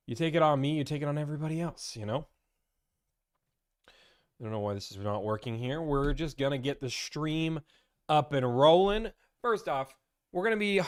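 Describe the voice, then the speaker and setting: A young man hosting a casual livestream, talking in an energetic, rambling and playful way. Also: medium pitch. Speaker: livestream host and car deal negotiator.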